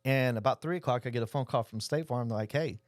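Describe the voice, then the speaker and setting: A middle-aged man speaks as a podcast guest. He rattles through his stories at a brisk clip and acts out each quoted exchange. The sound is close and dry, with no room around it. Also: mid-range voice, dry recording. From Oklahoma. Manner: animated storyteller acting out quoted dialogue. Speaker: insurance agency owner, guest. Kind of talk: casual storytelling interview.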